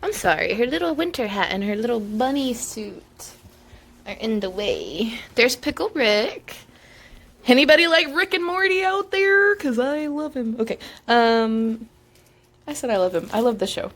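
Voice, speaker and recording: A woman's voice: fairly high pitch, sing-song, normal speed, a bit bright, slight background noise. A young woman vlogging at home, cooing baby talk to her infant between casual chat with viewers. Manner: gushing baby talk with frequent giggles.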